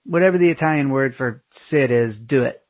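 A man's voice: mid-range voice, normal speed, darkish tone, lightly acted. A man playing his optimistic young male travel buddy, who talks in a breezy, casually profane way.

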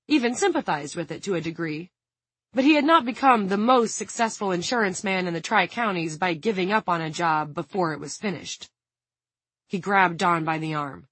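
A woman giving measured, scripted audiobook narration. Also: lowish voice, fairly bright tone, husky, no room sound.

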